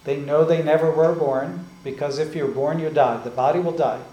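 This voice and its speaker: A man giving a spiritual discourse as a teacher. He explains slowly and often checks in with "right?" and "like this". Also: fairly high pitch, fairly even intonation, dark tone, lo-fi sound. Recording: echoey room with faint ambient noise.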